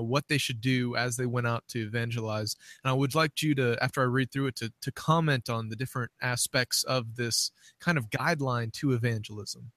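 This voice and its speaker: A man hosting an interview, introducing a passage and then reading it aloud in a measured, deliberate way. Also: medium pitch, fairly bright tone, no echo. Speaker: host.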